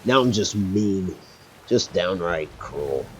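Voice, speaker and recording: A man's voice: low-pitched, animated, slow pace, slight background noise. A man streaming a pirate game, chatting casually with a friend, joking, swearing freely and laughing often. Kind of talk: casual chat while gaming.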